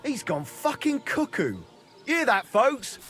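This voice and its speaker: An actor playing a crude, jolly drinking buddy in a video game, bawdy and mocking. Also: male voice, very high voice, sing-song, slow pace, fairly bright tone, soft background music, full character voice. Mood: rowdy.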